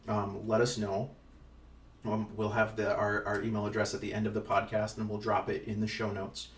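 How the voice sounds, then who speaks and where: A man's voice: on the low side, monotone, moderate pace. A man co-hosting a casual podcast as a father, talking in a rambling, playful way with lots of ums and restarts. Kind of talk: casual chat. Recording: echoey room, distant from the mic, faint noise.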